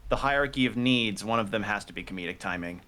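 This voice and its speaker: A man's voice: on the low side, quick pace, bright, forceful tone. An American man with an American accent, chatting casually on a stream in a jokey, rambling way. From United States. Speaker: stream co-host.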